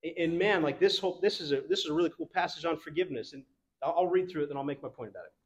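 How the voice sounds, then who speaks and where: Young male pastor, relaxed chatty sermon delivery, slightly high voice. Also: racing, highs cut off. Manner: casual, conversational preaching with fillers and laughs. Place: church.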